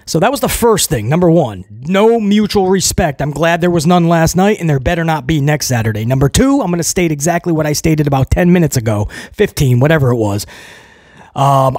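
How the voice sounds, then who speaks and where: A man's voice: on the high side, a little mellow, no room sound, clean studio sound. A man hosting a casual recap show, talking in a sarcastic, mocking way, swearing now and then and often checking in with listeners by asking "right?". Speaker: host recapping a wrestling show.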